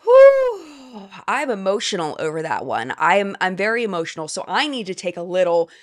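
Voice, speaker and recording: A woman's voice: fairly low pitch, lively intonation, a little fast, fairly bright tone. Emphatic woman hosting a beauty news vlog. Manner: emphatic, openly emotional, sarcastic cheering. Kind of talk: casual news commentary vlog.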